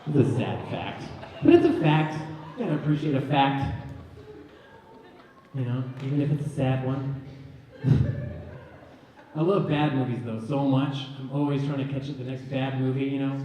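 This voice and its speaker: A young man from New Mexico doing live stand-up comedy, telling rambling, animated stories with deadpan asides. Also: medium pitch. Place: stage in a large hall. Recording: echoey hall, distant mic.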